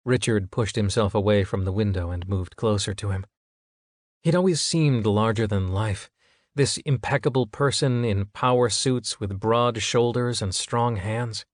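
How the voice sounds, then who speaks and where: A man giving scripted audiobook narration in a steady, even reading. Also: lowish voice, a little slow, no room sound, clean studio sound.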